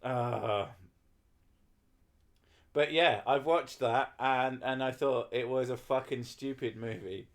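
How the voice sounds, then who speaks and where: A man's voice: mid-range voice, steady tone, slow, pauses often. A man chatting casually on a livestream, rambling and swearing while he talks to his viewers. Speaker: streamer.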